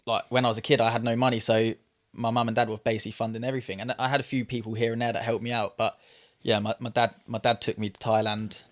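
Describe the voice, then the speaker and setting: A man's voice: mid-range voice, little pitch movement, fast talker. A man in his twenties with a Luton English accent, a podcast guest telling his story in loose, casual chat with swearing and restarts. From England. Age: 20s. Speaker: podcast guest, Muay Thai fighter.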